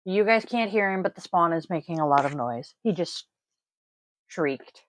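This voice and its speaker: Speaking at normal speed in a lowish, animated voice, a tarot reader hosts her daily tarot and oracle card session at home with family audible in the background. Her talk is casual, peppered with blunt swearing and wandering tangents, and the audio quality is poor.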